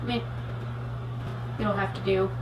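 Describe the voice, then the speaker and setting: A woman's voice: mid-range voice, steady tone, takes it slowly, dull audio, noisy background. A woman vlogger talking casually while she does her makeup, rambling through frank asides. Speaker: beauty vlogger. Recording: roomy echo, speaking from a distance to the mic.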